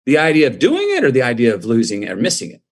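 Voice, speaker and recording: A middle-aged man, a guest in an interview, telling his story in a reflective, drawn-out way. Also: mid-range voice, huge pitch swings.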